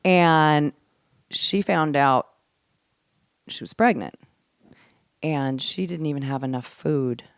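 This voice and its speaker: Lively storytelling woman, low voice. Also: takes it slowly, pauses often, smooth, no echo. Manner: animated storyteller, drops to a hush for serious parts; laughs often, swears casually. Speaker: podcast guest, comedian. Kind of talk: casual storytelling chat. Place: host's home.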